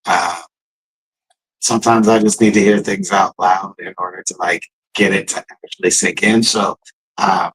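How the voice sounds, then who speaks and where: A middle-aged man co-hosting a live stream in relaxed, conversational chat, giving shout-outs. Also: deep voice, moderate pace, husky, rough recording. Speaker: live show co-host.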